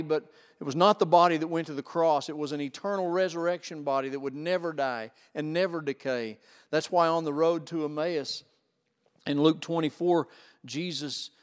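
Preacher in a reverberant hall. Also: male voice, fairly high pitch. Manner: earnest, slows down for emphasis, rises and falls in loudness. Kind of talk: sermon.

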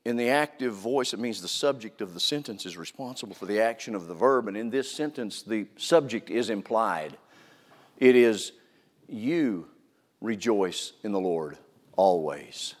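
A man's voice: on the low side, animated, a little slow. A man preaching a sermon as a pastor, earnest and emphatic, repeating phrases to drive a point home. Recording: long reverb of a large hall.

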